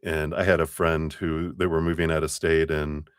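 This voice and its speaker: Deep voiced guy doing a live tarot stream, laughs a lot, dry close mic. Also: flat delivery, moderate pace, clean tone, dry recording. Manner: chatty storyteller, laughs often, acts out quoted voices. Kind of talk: casual live-stream reading and chat.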